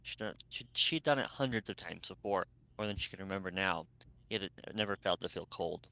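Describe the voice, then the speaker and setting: A man's voice: low-pitched, a little fast, creaky, bright, forceful tone, dry recording. A man reading fanfiction aloud, stumbling and restarting words as he goes. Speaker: fanfic reader. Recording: dull lo-fi mic, dry.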